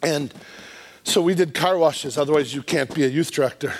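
A man giving a humorous storytelling sermon as a guest youth speaker in a church, acting out the people in his story and growing earnest and hushed toward the close. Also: a little high, moderate pace. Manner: acts out people in the story, turns earnest and hushed near the end.

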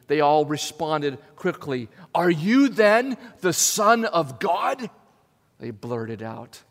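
A male pastor preaching a sermon, calling the congregation to say scripture lines aloud with him. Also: high voice. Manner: calls the congregation to recite verses aloud. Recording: long hall reverb.

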